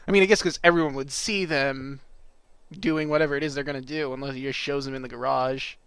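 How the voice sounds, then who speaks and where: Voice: mid-range voice, quick pace, fairly bright tone, clear, resonant tone. A let's play host giving casual, jokey commentary over a game, often correcting themselves mid-sentence. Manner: chatty, jokey, self-correcting asides.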